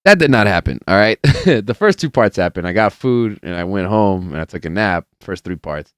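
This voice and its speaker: A man's voice: lowish voice, lively intonation, moderate pace, no room sound, clean studio sound. A man hosting a casual solo podcast, telling rambling, profane stories full of fillers in a laid-back way. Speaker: podcast host.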